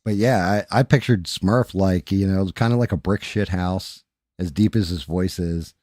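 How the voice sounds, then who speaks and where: A man's voice: low voice, moderate pace, mellow, no room sound, clean studio sound. A man hosting a live stream, chatting casually and rambling to viewers with frequent profanity, into a microphone. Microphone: studio microphone.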